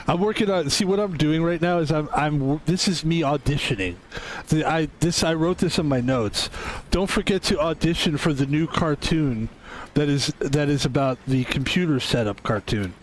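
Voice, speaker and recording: A man's voice: a little high, normal speed, slight background noise. A young adult man streaming a game, chatting casually in a rambling, joking way with plenty of swearing. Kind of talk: casual gaming stream chat.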